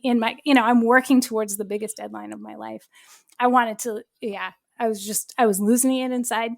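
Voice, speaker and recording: Middle-aged woman host, casual story-driven chat, gravelly edge on a fairly high voice, dry close sound. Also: fairly quick, no room sound. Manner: animated storyteller who acts out quoted dialogue; candid, uses mild swearing. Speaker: podcast host.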